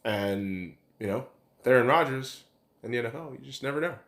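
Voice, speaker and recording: A man's voice: medium pitch, lively intonation, brisk, a bit bright. A man hosting a podcast, giving a casual sports opinion rant in a blunt, profane and rambling way. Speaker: podcast host.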